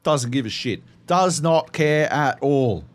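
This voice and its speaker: A man's voice: mid-range voice, expressive, slow. A man, co-hosting a podcast, telling stories in a profane, rambling, casual way. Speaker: podcast co-host. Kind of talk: casual chat.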